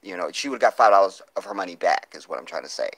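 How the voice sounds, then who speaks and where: A man's voice: sits low, sing-song, rapid-fire, a bit bright, slightly rough, dry recording. A man hosting a live stream, reading viewer comments and pleading for donations in an impassioned, profane way, on a phone mic. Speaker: livestream host.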